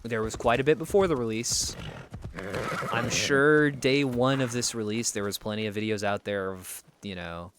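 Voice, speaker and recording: A man's voice: mid-range voice, normal speed, a bit bright, a little hiss or hum. A young man chatting casually as a streamer while he plays a game, rambling and swearing freely. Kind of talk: casual gameplay commentary.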